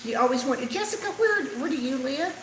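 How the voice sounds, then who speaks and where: Cooking in her home kitchen, an older woman from Texas chats on a casual livestream and answers viewers' comments in a Southern drawl. She talks fairly quickly in a high voice with lively intonation, over a roomy sound and slight background noise.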